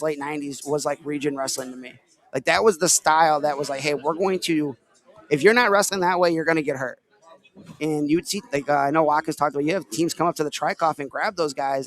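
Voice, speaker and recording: A man's voice: a little high, fairly bright tone. A man from Illinois hosting a casual podcast, talking in a rambling, filler-heavy way. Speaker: podcast host. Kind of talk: casual chat.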